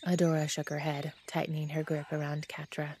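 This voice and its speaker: A woman reading fan fiction aloud as a podfic, in steady, measured narration. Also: sits low, a little hiss or hum. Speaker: podfic reader. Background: background music.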